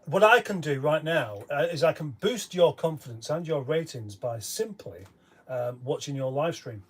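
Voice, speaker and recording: Man, husky voice, fairly high pitch, teasing, rambling explanations, casual co-host. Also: expressive, normal speed. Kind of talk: casual live-stream chat.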